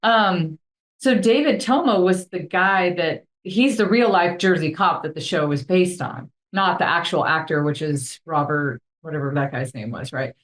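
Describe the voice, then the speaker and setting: A woman co-hosting a podcast, talking in a lively, chatty way over a video call. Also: lowish voice, moderate pace, echoey room. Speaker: podcast co-host. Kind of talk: casual podcast conversation.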